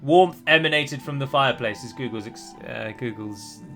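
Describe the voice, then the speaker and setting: A man's voice: medium pitch, normal speed, music in the background. A man giving casual gameplay commentary, rambling and self-deprecating with chatty asides.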